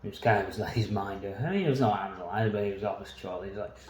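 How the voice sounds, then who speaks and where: A man's voice: lowish voice, rapid-fire, darkish tone, roomy sound, a little hiss or hum, rough recording. A man telling a long personal story in a waffling, casual monologue, swearing often and laughing between lines. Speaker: vlogger.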